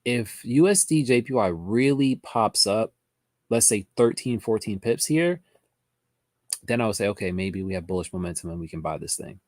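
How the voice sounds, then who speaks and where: This livestream trading teacher answers chat in a relaxed way, reading viewers' comments aloud as he goes. His lowish voice is a little mellow, with lively intonation and a moderate pace, recorded dry in studio quality.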